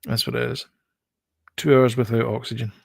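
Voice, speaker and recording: A man's voice: medium pitch, little pitch movement, normal speed, vocal fry, dry recording, clean studio sound. A man co-hosting a podcast, rambling and joking about films and TV. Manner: rambling, jokey, riffs on film trivia. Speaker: podcast co-host. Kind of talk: casual chat.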